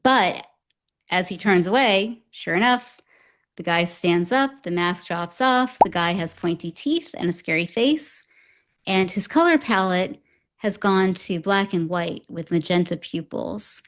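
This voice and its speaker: Woman co-host, lowish voice, lively storyteller recap, pops into character quotes. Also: a little slow. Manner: animated storyteller, acts out quotes. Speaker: podcast co-host recapping an anime. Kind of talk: casual recap and commentary.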